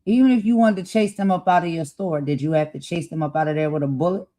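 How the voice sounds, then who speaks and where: A woman from the United States hosting a political talk show, speaking with impassioned conviction and growing loud as she makes her points. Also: on the low side, fast. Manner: impassioned, grows loud and emphatic. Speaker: host. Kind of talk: heated political commentary.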